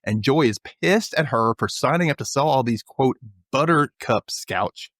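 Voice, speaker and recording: Male podcast host, casual episode recap, very expressive pitch, dry close sound. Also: moderate pace, no echo. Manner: animated, acts out characters' lines while retelling scenes.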